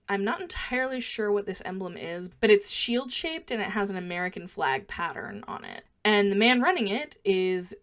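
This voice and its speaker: Woman podcast co-host, mid-pitched voice, detailed scene recap, matter-of-fact, casual. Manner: detailed, matter-of-fact recounting, quoting dialogue. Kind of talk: casual podcast chat, describing film scenes.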